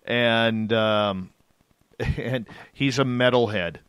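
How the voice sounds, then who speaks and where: A man's voice: mid-range voice, drawn-out words, fairly bright tone, clean tone, dry recording. A man hosting a radio show, chatting in an easygoing, storytelling way. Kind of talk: casual chat.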